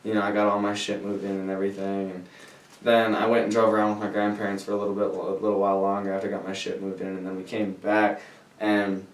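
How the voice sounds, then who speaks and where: Guy with a lowish voice telling a long cussing story, sounds far off from the mic. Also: fast. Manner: rambling, heavy swearing, animated when retelling. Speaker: podcast host telling a story. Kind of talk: casual storytelling chat. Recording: roomy sound, distant from mic.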